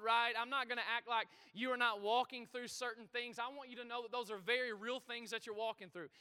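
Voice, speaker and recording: A man preaching a sermon to his congregation, energetic and full of call-and-response, in a church auditorium. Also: extremely high pitch, smooth. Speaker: pastor. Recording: reverberant hall.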